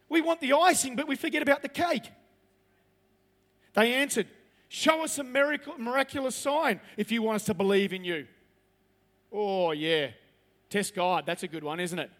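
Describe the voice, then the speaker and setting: A man's voice: high-pitched, fairly bright tone, in a large hall. A man preaching a sermon as pastor, reading scripture aloud and then pressing his points with rising emphasis.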